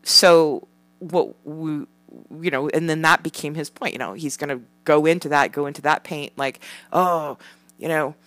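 A woman's voice: low voice, steady tone, normal speed, fairly bright tone, no room sound. A mother chatting casually about parenting, rambling with lots of fillers and the odd swear word. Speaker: parent sharing parenting tips. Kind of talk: casual chat.

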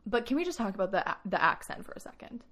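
Lady cohost chatting casually, animated, laughs often. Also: mid-range voice, fast talker. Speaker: podcast co-host. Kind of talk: casual chat.

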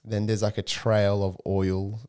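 A young man co-hosting a podcast, rambling through animated stories in casual, profane chat. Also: fairly low pitch, unhurried, clear, resonant tone. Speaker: podcast co-host.

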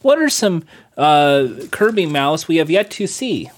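A man's voice: on the high side, sing-song, unhurried. A man hosting a casual comedy podcast, putting questions to his co-hosts in a mock-formal way. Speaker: podcast host.

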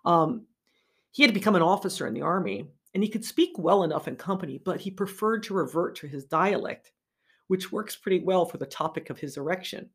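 A middle-aged woman giving an animated literature lecture, reading passages aloud and laughing between remarks. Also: lowish voice, a little fast, breathy edge.

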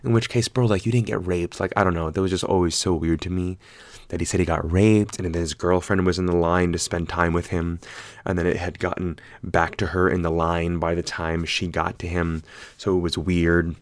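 A man's voice: low-pitched, moderate pace, no room sound. A man casually retelling a story, rambling and swearing freely, quoting other people as he goes. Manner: rambling, profane, animated retelling with quoted voices.

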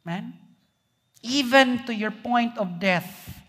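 A male pastor delivers a sermon in a notably high voice. He keeps asking the congregation rhetorical questions. His words ring out with a long trailing reverb in a church hall. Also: slow pace, a bit bright.

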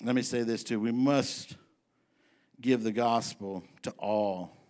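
In a steady, darkish, medium-pitched voice, a pastor preaches a folksy, emphatic sermon to his congregation. Scripture passages come out slower, while his asides pick up speed.

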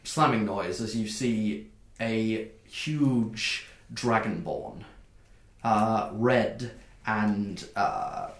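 Brief: unhurried man running a tabletop game, echoey room. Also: on the low side. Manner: halting, many fillers, descriptive. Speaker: game master.

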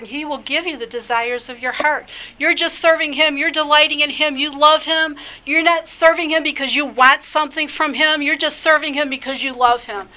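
A woman preaches with a high, bright and forceful voice. She exhorts her listeners fervently, doubling back on her words and piling up short phrases as she builds each point. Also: poor audio. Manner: fervent, exhorting, with many restarts and filler phrases. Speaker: rabbi preaching a podcast teaching. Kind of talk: sermon.

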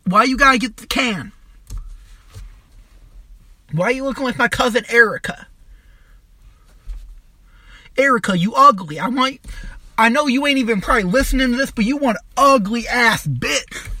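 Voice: mid-range voice, bright, forceful tone, no echo. A young adult podcast host delivering a crude, mocking comedic rant, swearing constantly and trailing off into restarts.

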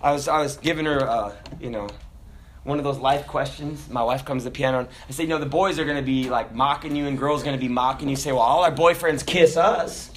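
A man preaching a sermon, swinging from booming shouted lines to quiet, casual asides full of "you know" and "like". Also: a little hiss or hum. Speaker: pastor.

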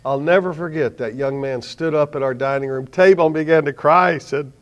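An older man with a slightly high voice preaches a sermon at a fairly quick pace. He tells a story dramatically, swinging between hushed tones and loud ones.

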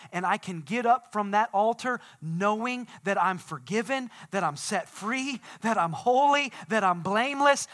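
A man preaching a sermon as pastor, swinging from quiet explanation to shouted declarations. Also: high voice. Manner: dynamic preaching, swelling to shouts.

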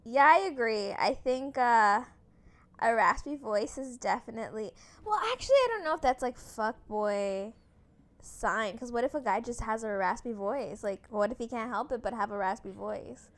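A woman's voice: fairly high pitch, animated, moderate pace. A young woman co-hosting a podcast in casual chat about dating, easygoing and hedging, with many fillers. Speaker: podcast co-host.

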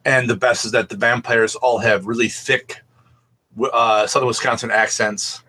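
A man's voice: medium pitch, fairly even intonation, moderate pace, bright, forceful tone. A man co-hosting a podcast, telling rambling anecdotes in casual chat and swearing freely. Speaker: podcast co-host.

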